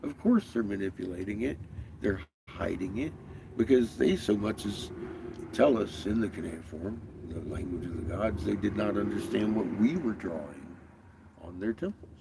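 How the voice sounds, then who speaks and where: A man's voice: lowish voice, animated, normal speed, gravelly, noisy background. A man delivering a heated, rambling, profanity-laced monologue while riding in a vehicle. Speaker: video creator. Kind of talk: casual rant.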